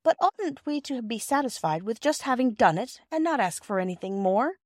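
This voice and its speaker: A woman playing a thoughtful, grown-up-minded girl who speaks gently and a little primly. The voice is dry and close, as in a children's audiobook. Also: fairly high pitch, animated, moderate pace, no room sound, voice pushed up. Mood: earnest. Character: earnest, careful eldest girl.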